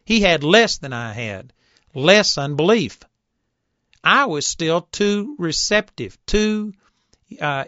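A man preaching a sermon, telling a story and rising to forceful shouts when he quotes someone. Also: a little high, no room sound, lo-fi sound. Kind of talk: sermon teaching.

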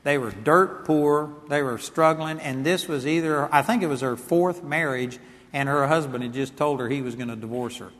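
A man preaching a sermon at a large seminar, telling a story in a folksy way that builds to loud, emphatic exclamations. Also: fairly high pitch. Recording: long hall reverb.

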